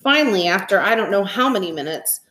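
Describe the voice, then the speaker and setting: A woman reading a novel aloud in an expressive, animated way. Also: medium pitch, fast talker, a little hiss or hum. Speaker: reader. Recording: echoey room.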